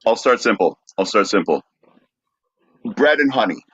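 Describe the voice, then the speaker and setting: A man hosting a podcast, presenting a quiz segment in a deliberate, explanatory way with frequent "uh"s. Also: lowish voice, expressive, a bit bright, husky. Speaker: podcast host.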